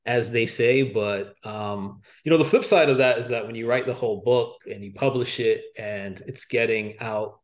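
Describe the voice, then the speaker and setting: A young adult man, an author guest on a podcast, talking in a reflective, halting way with many fillers and restarts. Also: medium pitch. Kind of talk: reflective interview talk. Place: podcast studio.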